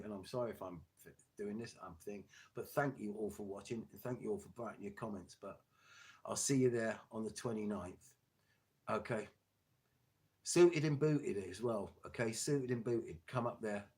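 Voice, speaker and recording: A man, a glass maker, delivering an angry, sweary political rant to his viewers with halting restarts. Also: on the low side, a little mellow. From England.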